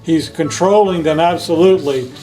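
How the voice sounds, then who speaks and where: A man's voice: on the high side, normal speed, soft background music, low-quality recording. A man reading a picture book aloud to children, going through each page in French and then in English, and stopping to point out what is happening in the pictures. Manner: gentle, explains the pictures to children. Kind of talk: children's storytime read-aloud.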